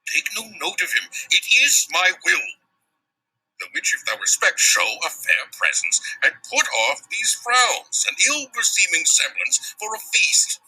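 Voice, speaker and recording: Casting: man voicing angry young Tybalt and bossy old Capulet, husky, very bright, wild pitch swings, faint music and distant mic. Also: very animated, a little slow, heavily acted. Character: hot-tempered young Tybalt and stern old Lord Capulet, male.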